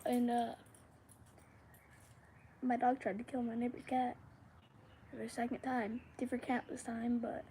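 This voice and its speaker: A young woman with a high, mellow voice hosts a casual live Q&A, rambling to her viewers at an unhurried pace. She sometimes slips into a whisper mid-thought. A faint background noise sits under her voice. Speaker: livestream host.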